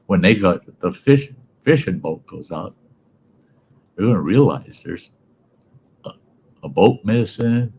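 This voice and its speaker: A man's voice: deep voice, expressive, measured pace, pauses often, darkish tone, a little hiss or hum. A man host telling a folksy, salty story about his own past.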